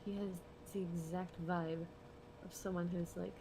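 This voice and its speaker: A woman's voice: on the low side, little pitch movement, a little slow, background noise. Chatty young woman streaming her drawing. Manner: rambling, chatty, laughs often. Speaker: art streamer. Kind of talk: casual chat while drawing.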